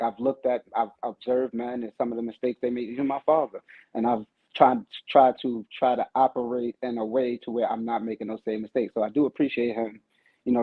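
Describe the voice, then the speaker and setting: A man calling into a live-stream panel, reflective and halting. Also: medium pitch, no echo. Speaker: panel guest. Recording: husky phone-like call-in line.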